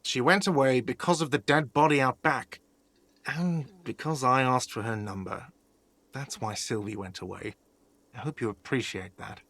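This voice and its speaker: A snippy cafeteria manager. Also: male voice, mid-range voice, moderate pace, fairly bright tone. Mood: defensive, irritated. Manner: curt, exasperated, snippy. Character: irritable male cafeteria manager, defensive and petty. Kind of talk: video game voice acting.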